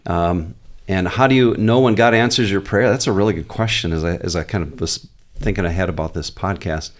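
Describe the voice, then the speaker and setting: Male pastor, deep voice, earnest teacher on a church podcast. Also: fairly quick. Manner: earnest, teaching, quotes prayers aloud. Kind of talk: podcast guest explaining.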